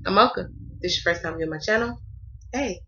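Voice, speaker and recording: A woman's voice: medium pitch, a little fast, pushed and bright, dull audio, slight background noise. A woman from the American South doing a casual tarot reading, sassy and playful and cussing freely. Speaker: tarot reader.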